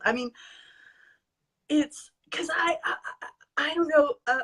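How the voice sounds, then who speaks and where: A woman's voice: sits high, takes it slowly, pauses often, a bit bright. A woman guest earnestly sharing a personal spiritual experience, emotional and sincere, at times reading from her notes. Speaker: guest, spiritual advising student. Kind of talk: heartfelt personal sharing in an interview.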